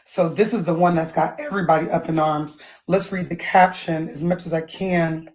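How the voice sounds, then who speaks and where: In a rough recording, a woman with a low-pitched, slightly mellow voice talks at normal speed with fairly even intonation. She hosts a casual gossip livestream, chatting away and reading out posts and text messages from her phone or webcam.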